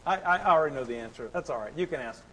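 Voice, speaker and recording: A man preaching a sermon, impassioned and repetitive, swinging between shouts and hushed pleading. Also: mid-range voice, animated, very fast, slight background noise, low-quality recording. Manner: sings hymn lines briefly.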